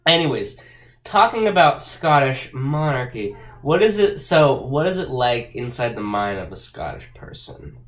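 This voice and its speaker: A man's voice: medium pitch, sing-song, unhurried, roomy sound. A man co-hosting a casual podcast chat, teasing and asking prodding questions. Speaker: podcast co-host.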